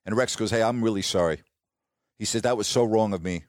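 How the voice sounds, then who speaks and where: A man's voice: a little fast, no echo. Reminiscing middle-aged male sportscaster, dry sound. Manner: warm, reminiscing, quotes others in a lowered voice. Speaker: sports broadcaster, podcast host. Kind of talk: casual storytelling monologue.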